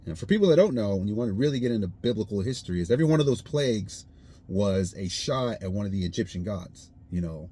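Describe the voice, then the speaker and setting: A man's voice: fairly low pitch, darkish tone. A man talking casually to camera about his faith, explaining things plainly and often checking in with "all right?". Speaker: vlogger.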